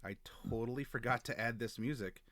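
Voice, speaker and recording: A man chatting before running a tabletop game, his words starting and stopping with plenty of fillers and trailing ends. His voice sits at an ordinary pitch. The sound is very dry and close. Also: fairly bright tone, no room sound. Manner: halting, trailing off, many fillers. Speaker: game master.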